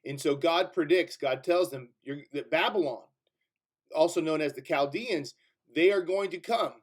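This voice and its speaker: A man with a somewhat high voice teaches a Bible class as a preacher. He talks loosely and conversationally, leaning on little fillers and asides. When he stresses a point, his voice climbs higher. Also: moderate pace. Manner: conversational, fillers like "if you will" and "so anyways".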